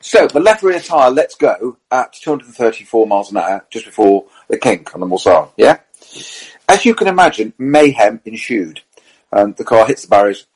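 A middle-aged man, a racing driver and co-host, telling lively anecdotes in casual chat and quoting others as he goes. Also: lowish voice, husky, rough recording. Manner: lively storyteller, quotes others, self-corrects.

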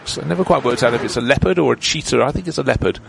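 Male motorsport commentator, gravelly mid-pitch voice, chatty and analytical, racing cars loud behind. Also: very fast, background noise. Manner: chatty, explanatory, detailed race analysis. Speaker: race commentator.

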